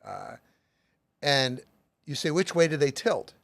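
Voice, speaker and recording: A man's voice: a little high, sing-song, takes it slowly, creaky, no echo. A middle-aged man as an author and guest, explaining his method with plenty of everyday examples. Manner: emphatic, uses lots of everyday examples.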